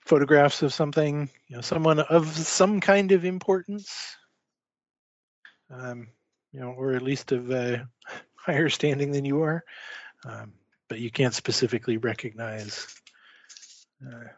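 Slow, hesitant male game master. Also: mid-range voice, dry recording, dull audio. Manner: slow, hesitant, many fillers. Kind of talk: narrating a tabletop game.

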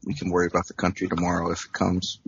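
A man's voice: low-pitched, monotone, very fast, gravelly, slight background noise. A man at a tabletop game over a call, rambling and hedging with fillers, in lo-fi call audio. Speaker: player.

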